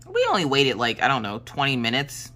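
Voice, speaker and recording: Bright-voiced woman, Pennsylvania-Southern accent. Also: a bass voice, a little fast. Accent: mixed Pennsylvania and Southern US. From South Carolina, US. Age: late 30s. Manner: animated, jokey storyteller. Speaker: crafting vlogger. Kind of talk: casual storytelling chat.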